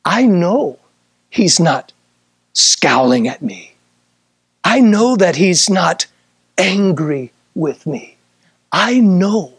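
A man's voice: high voice, slightly rough, no room sound. A middle-aged man preaching a sermon as pastor, quoting scripture in old-style wording and rising to emphatic bursts. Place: church sanctuary.

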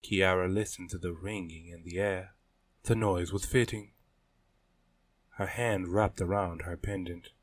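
A man narrating a story in a measured, deliberate reading style. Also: low-pitched, fairly even intonation. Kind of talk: scripted audiobook narration.

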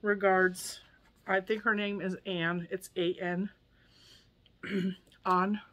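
An American crochet YouTuber in her forties unboxes yarn gifts for her viewers, chatting casually and emotionally and laughing often. Her mid-range voice is level and fairly bright, and she takes it slowly; there's a little hiss or hum on the recording.

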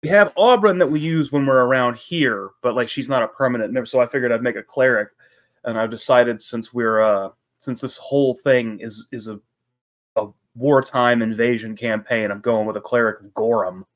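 A man's voice: medium pitch, normal speed. A man playing a tabletop game, explaining his character setup in an eager, rambling way with many restarts. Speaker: player. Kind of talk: casual chat at a game table.

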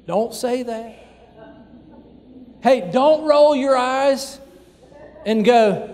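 A man's voice: very high voice, slow pace, long pauses, a little mellow. A man preaching a sermon as pastor, talking conversationally with frequent fillers, recorded in a church sanctuary. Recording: long church hall reverb.

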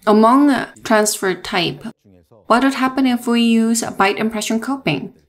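Measured woman narrating a dental lesson. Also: fairly high pitch. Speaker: dental lecturer. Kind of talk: scripted technical narration.

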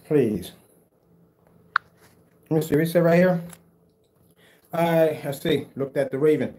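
Against a noisy background, a man with a slightly high voice talks a little slowly. He's the host of DIY projector screen paint videos, chatting casually on a livestream and answering viewers with brash teasing, trash talk and mock reassurance.

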